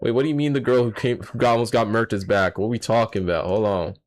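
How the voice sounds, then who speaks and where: A young man streams a live reaction to a manga chapter, chatting casually with his viewers while swearing and sounding exasperated. His voice is fairly low and his intonation fairly even, and he talks fast.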